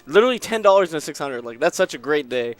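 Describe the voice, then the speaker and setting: A man's voice: on the high side, big pitch swings, fast talker, dry recording. A young man, a guest on a casual talk show, telling a story with frequent laughs and rambling asides. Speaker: guest, pro gamer.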